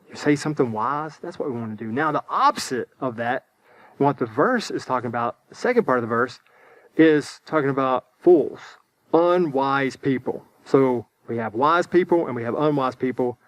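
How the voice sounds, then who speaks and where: A man's voice: medium pitch, animated, normal speed, dry recording. A man teaching a children's church lesson in an upbeat, simple way, often repeating words and checking in with his young listeners.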